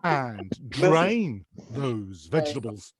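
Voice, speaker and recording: A man's voice: medium pitch, sing-song, slow pace, crowd noise, pitched below the performer's own voice. A man doing a snarling, foul-mouthed male chef. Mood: barking orders. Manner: swearing, barking curt commands. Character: gruff angry male celebrity chef barking orders. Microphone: video call.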